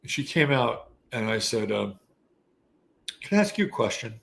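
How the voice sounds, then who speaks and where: A man in his sixties, an astrology show host, telling a casual story in an animated, profane, conversational way. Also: medium pitch, normal speed, gravelly. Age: 60s. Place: Texas.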